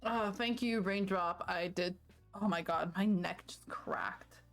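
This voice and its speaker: A woman livestreaming from home, chatting casually and playfully with her viewers, easily sidetracked and quick to laugh. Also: medium pitch, vocal fry, fairly bright tone, soft background music. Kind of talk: casual chat with live viewers.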